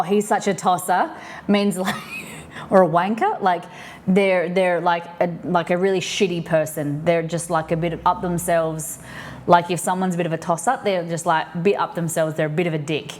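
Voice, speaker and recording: A woman's voice: on the low side, slight background noise. An Australian woman hosting a livestream, chatting casually and rambling as she explains slang to her viewers. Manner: chatty and rambling, lots of "like" fillers. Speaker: livestream host.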